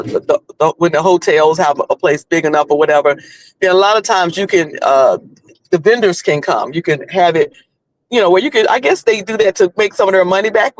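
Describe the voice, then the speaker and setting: Driving while he livestreams, this host talks in a high-pitched voice and a North Carolina Southern accent, rambling casually and restarting often. The recording is rough and has no room sound.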